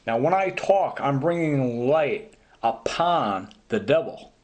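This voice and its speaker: A man's voice: mid-range voice, animated, takes it slowly. Agitated man ranting to camera. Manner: agitated, repetitive, accusing. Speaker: vlogger. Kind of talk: ranting monologue.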